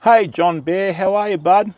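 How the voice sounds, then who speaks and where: A man's voice: sits high, unhurried, darkish tone. An older Australian man hosting a casual fishing livestream outdoors by the water, greeting viewers by name in a laid-back way. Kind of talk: casual live-stream chat.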